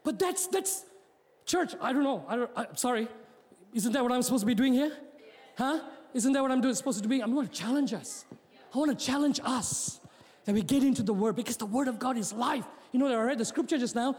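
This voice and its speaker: A man's voice: extremely high pitch, a little fast. A man preaching a sermon as pastor, mixing jokes with rousing calls and often repeating and restarting his words. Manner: preaching with joking asides, rising to shouts. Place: church hall. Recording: long hall reverb.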